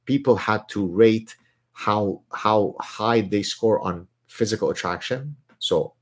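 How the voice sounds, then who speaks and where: A middle-aged man hosting a live question session, talking in an animated, digressive way with frequent restarts. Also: fairly low pitch, slow, breathy edge. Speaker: host answering viewer questions. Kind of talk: live question-and-answer stream.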